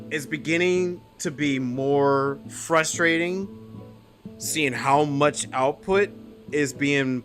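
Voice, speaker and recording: A man's voice: a little high, a bit bright. A young man streaming, ranting to his chat in a frustrated, exasperated way that keeps building into outbursts.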